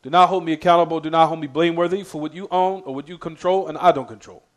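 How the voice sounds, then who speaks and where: Brief: male teacher, rapid delivery, slightly high voice, prompts class and repeats himself. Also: steady tone. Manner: reads Arabic quotations quickly. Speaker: Islamic teacher. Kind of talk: religious lesson.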